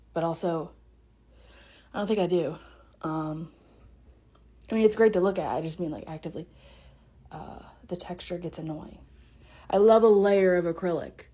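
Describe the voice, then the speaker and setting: A woman's voice: lowish voice, dark tone. Bubbly chatty young woman vlogger. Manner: bubbly, chatty, self-interrupting. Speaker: artist vlogger. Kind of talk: casual vlog narration.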